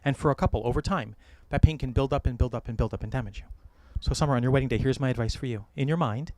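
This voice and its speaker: A middle-aged American man leads a wedding ceremony, mixing light jokes with heartfelt advice. He talks quickly, and his voice sits close and dry on the mic. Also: medium pitch, no echo. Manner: warm joking advice, gentle storytelling. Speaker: wedding officiant. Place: outdoor or hall wedding ceremony.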